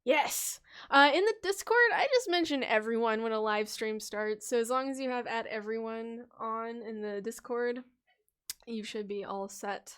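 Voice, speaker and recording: Chatty woman on a livestream, kinda high voice, trips over her reading and laughs it off. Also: moderate pace, a bit bright, clean tone. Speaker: livestream host reading viewers' character stories. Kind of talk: casual livestream chat.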